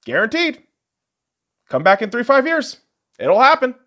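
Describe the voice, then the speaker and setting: A man hosting a podcast, delivering a profane, heckling sports rant in a casual, animated way. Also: extremely high pitch, measured pace, highs cut off. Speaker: podcast host.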